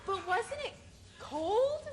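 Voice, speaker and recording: A woman's voice: very high voice, animated, slow pace, exaggerated voice. A woman playing a teasing, incredulous friend. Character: nosy, amused woman friend. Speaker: actor in a student stage play. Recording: noisy stage recording from far off.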